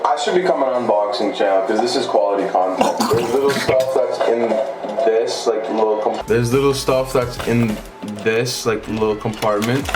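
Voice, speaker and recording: A young man with an American accent casually unboxing a keyboard, chattering excitedly in slang and calling his viewers "bro.". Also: medium pitch. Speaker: tech YouTuber.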